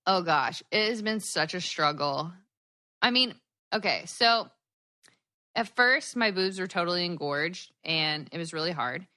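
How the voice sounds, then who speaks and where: A woman co-hosting a podcast in casual chat over a video call, a tired new mother talking in a bubbly, animated way with lots of laughter. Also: on the low side, unhurried. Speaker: podcast co-host. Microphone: headphones on a video call.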